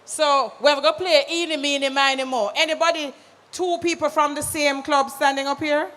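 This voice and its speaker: An MC with a Jamaican accent hosting a live event, calling out loud directions to a crowd and slipping into patois. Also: sits high, steady tone, normal speed. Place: large conference hall. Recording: hall reverb with music behind.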